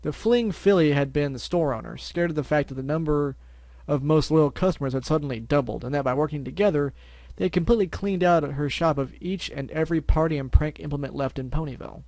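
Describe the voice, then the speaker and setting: A man's voice: on the high side, quick pace, few pauses, darkish tone, dry recording. A man reading fan fiction aloud as narrator, with wry asides and stumbling restarts. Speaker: story reader.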